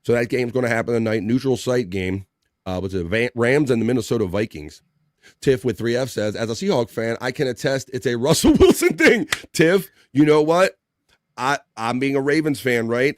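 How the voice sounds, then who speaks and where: A man hosts a casual live talk stream and reads viewer comments aloud. He talks in a loose, rambling way, full of "uh" and "like." His voice sits in a middle pitch and sounds close and dry. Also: dry recording. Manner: relaxed, rambling, many fillers. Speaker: livestream talk show host.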